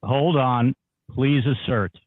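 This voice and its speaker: A man reading the part of a male lawyer who speaks for a witness in a brisk, businesslike way. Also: medium pitch, dry recording. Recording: phone-like call audio.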